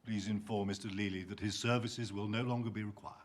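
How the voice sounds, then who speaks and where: A man's voice: on the low side, fairly even intonation, quick pace, echoey room, a little hiss or hum, natural voice. An actor playing a sardonic Victorian stage director rehearsing his cast. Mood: dry. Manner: dry, exacting, sardonic. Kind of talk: period film acting.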